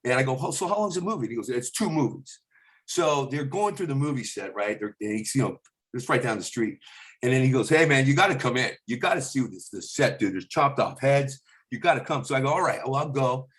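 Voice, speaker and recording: Stand-up comedian, male, mid-pitch, very lively intonation; rambles, restarts, drops into impressions. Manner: slips into quick celebrity impressions mid-story; rambling, restarts sentences often. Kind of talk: animated storytelling.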